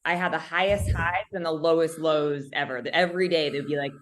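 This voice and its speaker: A woman's voice: low voice, steady tone, brisk, a little hiss or hum. A woman, an executive producer, speaking in an interview and acting out her own past thoughts as she tells a story. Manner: talkative, acts out her own thoughts in quotes. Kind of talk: video call interview.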